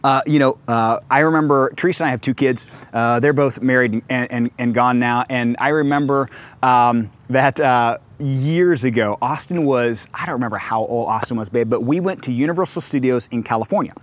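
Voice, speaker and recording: A middle-aged pastor with a mid-range voice preaches a sermon, telling a story full of lively acted-out quotes. He shifts between fast storytelling and slow, stressed scripture.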